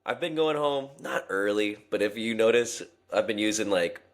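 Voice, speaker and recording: Young man, low voice, rambling, casual podcast chat. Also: moderate pace. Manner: rambling storyteller, many fillers and restarts. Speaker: podcast co-host.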